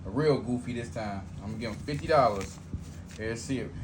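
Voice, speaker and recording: A man's voice: medium pitch, a little fast, noisy background. A man hosting a food challenge from behind the camera, teasing and laughing in a laid-back way. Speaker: challenge host filming. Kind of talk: casual challenge video.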